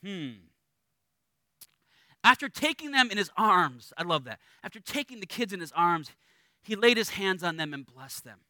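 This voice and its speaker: A middle-aged man preaching a sermon as a pastor, conversational and animated, acting out little voices in his stories. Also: sits high, normal speed, pauses often, no room sound.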